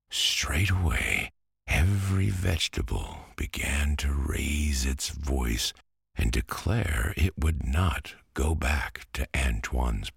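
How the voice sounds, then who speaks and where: A man with a very deep, gravelly voice reads a bedtime storybook slowly and soothingly. His tone is husky and breathy, and the sound is close and dry. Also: dry recording. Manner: slow, soothing delivery.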